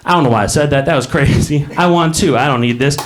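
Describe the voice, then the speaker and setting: A man's voice: fairly high pitch, fast talker. A man doing a stand-up comedy set on a club stage, telling rambling stories and acting out the voices of people in them. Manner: rambling storytelling, acts out quoted voices. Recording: live club with crowd laughter. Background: audience laughter.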